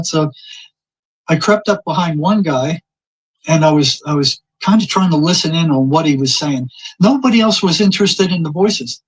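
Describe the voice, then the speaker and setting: A man's voice: on the high side, husky, poor audio. An older man telling long personal stories in casual conversation, often repeating words and acting out what people said. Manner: rambling anecdotes, repeats words, acts out quoted exchanges. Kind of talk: casual storytelling.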